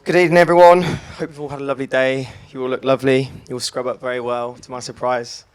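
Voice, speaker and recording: A man's voice: medium pitch, flat delivery, fast. A young man from England giving a teasing wedding speech as the groom, laughing at his own jokes.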